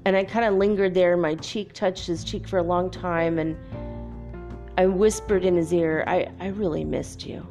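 A woman's voice: steady tone, moderate pace, a little mellow, faint music behind. A young woman telling a story in a casual monologue, dreamy and full of "like" fillers. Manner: dreamy, many "like" fillers, quotes others in a higher voice. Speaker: spiritual vlogger.

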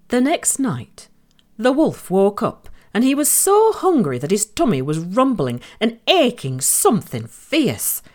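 A woman reading a children's story aloud in an expressive, playful way. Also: medium pitch.

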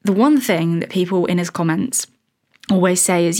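A woman's voice: on the low side, moderate pace, darkish tone. A woman in her thirties hosting a casual solo podcast, chatty and rambling, laughing at her own tangents. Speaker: podcast host.

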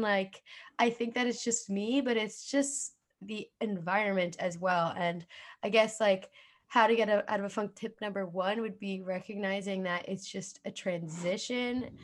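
Chatty New Jersey woman, fairly high voice. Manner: rambling, heavy use of "like". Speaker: podcast co-host. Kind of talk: casual chat.

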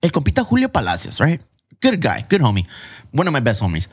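Fast-talking joking male podcast co-host. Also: mid-range voice, huge pitch swings, husky, no room sound, clean studio sound. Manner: joking, interjecting, mixes Spanish words. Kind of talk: casual podcast chat. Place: home.

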